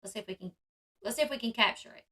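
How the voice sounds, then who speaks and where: A woman's voice: a little high, very fast, bright, forceful tone. A woman vlogger giving casual, chatty commentary, full of "like" and "um" fillers. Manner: chatty, filler-heavy with frequent "like" and "um". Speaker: vlogger reacting to a reality show.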